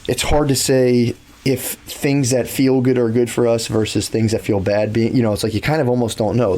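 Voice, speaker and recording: A man's voice: on the low side, dark tone. A man co-hosting a podcast, telling stories in a rambling, casual way with lots of swearing and filler words. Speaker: podcast co-host. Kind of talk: casual conversational storytelling.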